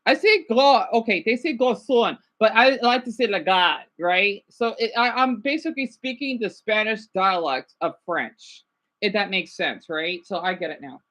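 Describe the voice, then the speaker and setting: A woman's voice: mid-range voice, normal speed, a bit bright. A woman vlogger chatting casually about learning languages, rambling and hesitant, often checking in with "right?".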